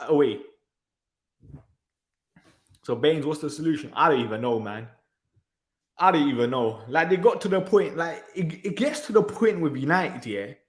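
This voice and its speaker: A man hosting a football reaction channel, ranting in exasperation with sighs and repeated phrases. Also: high voice. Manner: exasperated, repetitive, sighing. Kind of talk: frustrated match reaction rant. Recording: echoey room.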